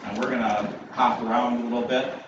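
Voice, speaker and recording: A man preaching at middle pitch, telling a lively, self-mocking story to a congregation. He sounds set back from the microphone, and his voice rings through a large, echoey church hall. The sound is slightly muffled, with a clear layer of room ambience underneath. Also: brisk, far from the mic, noisy background. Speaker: guest preacher. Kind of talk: sermon opening with a personal story. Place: church sanctuary.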